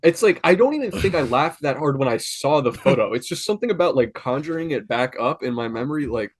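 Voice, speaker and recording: A man's voice: medium pitch, expressive, fast talker, breathy edge. Giggly young man in casual chat. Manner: giggly, breaks into helpless laughter; rambling with many fillers. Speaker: podcast co-host.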